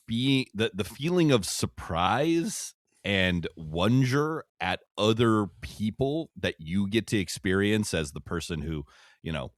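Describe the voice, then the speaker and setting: Deep-voiced wry podcast co-host man. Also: no room sound, clean studio sound. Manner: relaxed, wry, filler-heavy. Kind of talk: casual podcast chat.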